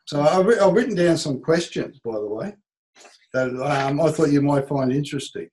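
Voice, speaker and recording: A man's voice: a little high, normal speed, slight background noise, poor audio. Australian man coaching a sales seminar. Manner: animated, acts out quoted speech. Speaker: business coach. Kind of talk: seminar teaching.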